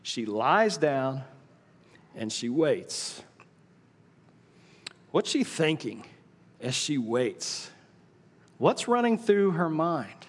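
A middle-aged male pastor preaching a sermon in a church auditorium, telling the story with dramatic pauses and hushed asides. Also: fairly high pitch, very animated. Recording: long hall reverb.

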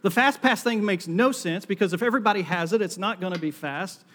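A man's voice: sits high, a little fast, fairly bright tone. A middle-aged man with a Southern US accent preaching a sermon on stage, joking and self-deprecating as he talks to the congregation. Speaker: pastor. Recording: long hall reverb.

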